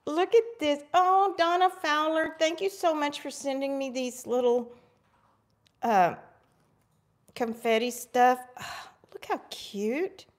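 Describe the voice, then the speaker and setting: A woman's voice: high voice, steady tone, takes it slowly. A middle-aged woman hosting a live craft stream, bubbly and chatty, calling her viewers friends. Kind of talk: casual live craft demo chat.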